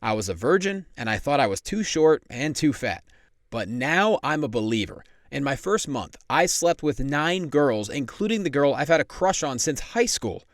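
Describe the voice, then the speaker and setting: A man's voice: mid-range voice, big pitch swings, moderate pace, no room sound. A man reading out a grateful customer's testimonial in an earnest, confessional way, close to his own voice. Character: shy heavyset man giving a grateful testimonial.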